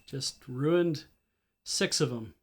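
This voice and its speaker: A man's voice: mid-range voice, very slow. A man streaming a game, chatting casually and reading game text aloud as he plays. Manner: reads game text aloud, thinking out loud.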